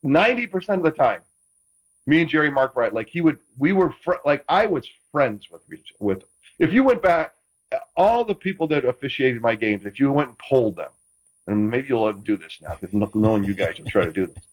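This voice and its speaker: A man's voice: mid-range voice, big pitch swings, moderate pace, breathy edge, rough recording. A man, a former quarterback, chatting casually as a guest, rambling with frequent restarts and playful teasing. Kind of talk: casual chat.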